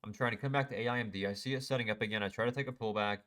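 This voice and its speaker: A man's voice: on the low side, fairly even intonation, rapid-fire, fairly bright tone. A young man casually recapping his trading day over a chart, self-critical and frustrated as he talks through his mistakes. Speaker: day trader. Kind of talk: casual screen-share trade recap.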